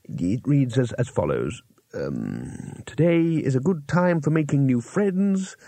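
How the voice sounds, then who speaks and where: A man voicing a fussy, nervous male astrologer in an audiobook, speaking slowly and hesitantly with a raised, breathy voice. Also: mid-range voice, sing-song, dark tone, dry recording, full character voice. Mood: reluctant. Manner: slow, hesitant and rambling. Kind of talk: audiobook character voice.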